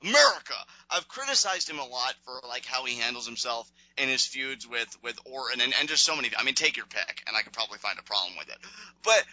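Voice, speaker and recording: Bright, opinionated man reviewing wrestling. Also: mid-range voice, lively intonation, fast talker, no echo, low-quality recording. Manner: opinionated, sarcastic, rambling asides. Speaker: podcast co-host. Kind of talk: casual wrestling review chat.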